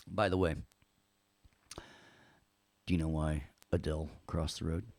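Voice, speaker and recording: A man teaching an audio software lesson in a casual, playful way, tossing in corny jokes between the steps. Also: rumbling low, little pitch movement, a little slow, gravelly, no echo. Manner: playful, joking, chatty with corny puns. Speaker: audio production instructor.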